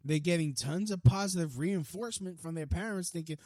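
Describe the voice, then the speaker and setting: A man's voice: high voice, dark tone, no echo. A young man hosting a podcast, delivering a heated, profane ranting monologue full of restarts. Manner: heated, profane, fast-talking with many restarts. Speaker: podcast host.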